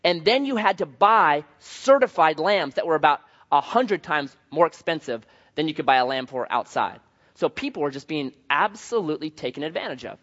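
A man preaching a sermon as pastor, telling stories in an animated way with voiced asides. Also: a little high, normal speed, highs cut off.

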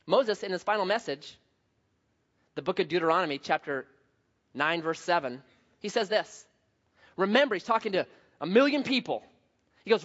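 A man with a high voice preaching a sermon in a church hall. He tells stories in an animated way, acting out voices and sound effects. The recording sounds slightly dull and muffled. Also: a little fast. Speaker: pastor. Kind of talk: sermon with storytelling.

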